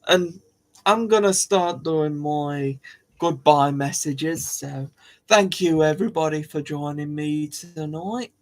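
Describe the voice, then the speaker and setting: A man's voice: a little high, takes it slowly. A man hosting a live stream, rambling and musing aloud to his viewers in casual chat, coughing now and then.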